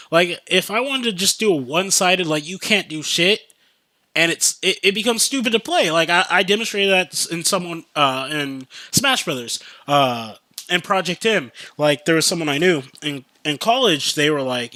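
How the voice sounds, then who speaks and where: A young man hosting a podcast in casual solo chat, rambling and excitable, full of filler words. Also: sits high, no room sound. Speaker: podcast host.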